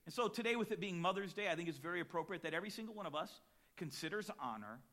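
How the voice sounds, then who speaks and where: A male pastor delivering a sermon with a lively, wide-ranging delivery and a bright, forceful tone. He moves between hushed reflection and loud, punchy emphasis, fitting in personal stories along the way. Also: high-pitched, rapid-fire. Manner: dynamic preaching, swings between quiet and loud emphatic lines; storytelling with acted quotes and chuckles.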